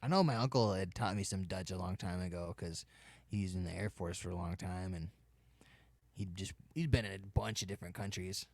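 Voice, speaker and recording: A man with a lowish voice speaks as a podcast guest in a dry, close room. He talks calmly and thoughtfully, trailing off and restarting as he works out his point. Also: dry recording. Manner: easygoing, reflective, halting with restarts. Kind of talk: casual chat.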